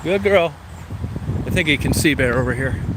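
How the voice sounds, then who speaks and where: A man's voice: medium pitch, steady tone, very fast. Chatty man coaxing his dog outdoors. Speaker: vlogger. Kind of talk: casual vlog talk to his dog. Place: outdoors at a scenic turnout with car. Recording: noisy outdoor wind and traffic.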